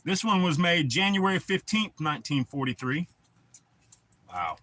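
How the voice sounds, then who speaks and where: A man's voice: a little high, expressive, moderate pace, pushed and bright. A man hosting a casual livestream, rambling in a laid-back way and swearing often. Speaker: livestream host.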